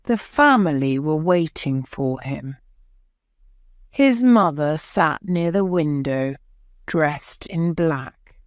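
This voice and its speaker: A woman narrating a graded-reader story for English learners, reading slowly and carefully. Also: low-pitched, lively intonation, dry recording, clean studio sound. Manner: slow, careful, clear reading. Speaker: audiobook narrator.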